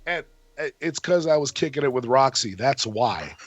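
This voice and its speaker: A man's voice: mid-range voice, lively intonation, normal speed. A man casually telling a long, profane story on a podcast, acting out the arguments he quotes. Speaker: podcast co-host.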